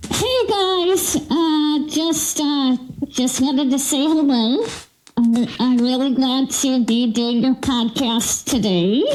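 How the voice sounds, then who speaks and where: A woman's voice: high voice, slow pace, a little mellow, slight background noise, voice pushed up. A woman doing a tiny muffled mouth-lady. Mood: chipper. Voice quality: muffled, talking with mouth closed. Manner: crisply articulated despite closed mouth. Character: tiny polite woman living inside a mouth.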